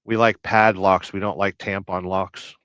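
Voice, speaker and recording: Man, American trucker, livestream host, deadpan joking, rambling, dull lo-fi sound. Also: low-pitched, unhurried, no echo. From United States. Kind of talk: casual livestream chat. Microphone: livestream mic. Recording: dry, dull lo-fi stream audio.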